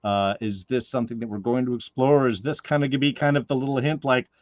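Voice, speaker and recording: A man's voice: medium pitch, steady tone, fast talker, no room sound. A male podcast host talks things through in a thoughtful, meandering way, filling gaps with ums and uhs. His voice sits mid-range. The sound is dry and dull, like a lo-fi home mic. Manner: thoughtful, rambling, lots of fillers. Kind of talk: casual podcast discussion.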